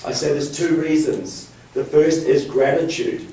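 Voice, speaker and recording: A man's voice: a little high, fairly even intonation, unhurried, dark tone. A man from New Zealand with a New Zealand accent and a cold, giving a joking, rallying political speech as guest speaker in a meeting room. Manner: joking, rallying, often says "folks". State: has a cold. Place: county board meeting room. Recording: echoey room, mic from far.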